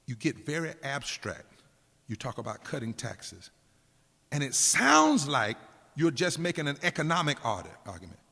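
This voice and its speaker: A man preaches a political address in a mid-range voice. His cadence swells and then drops low and deliberate for emphasis. A long reverb trails every phrase, as in a large hall. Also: very animated, gravelly, sharp tone. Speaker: preacher and activist speaker.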